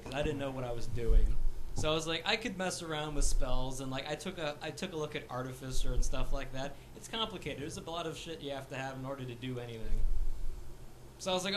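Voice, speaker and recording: A man's voice: mid-range voice, fast, a bit bright, slight background noise. A young man rambling in casual chat about a game he plays, laughing often. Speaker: tabletop game player.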